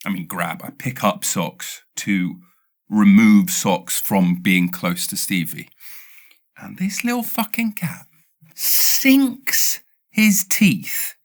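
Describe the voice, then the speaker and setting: A British man in the middle of a long comic anecdote, rambling and animated, tripping over his words and restarting. His voice sits at an ordinary middle pitch for a man, and he jumps up high when he gets excited. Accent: British English. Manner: rambling, animated, self-interrupting with stutters. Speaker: podcast host. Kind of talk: casual comedic storytelling.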